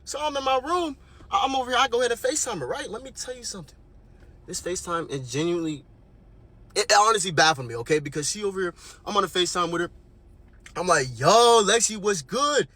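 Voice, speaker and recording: Animated young man telling a story. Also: high voice, fast, long pauses. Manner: animated, slangy, keeps checking in with "right?" and "okay?". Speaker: vlogger. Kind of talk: storytime monologue.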